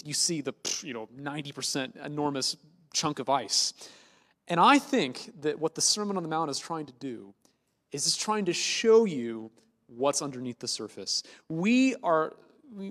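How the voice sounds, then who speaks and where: Animated male preacher in a reverberant hall. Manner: animated, conversational preaching, dropping low for emphasis. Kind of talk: sermon.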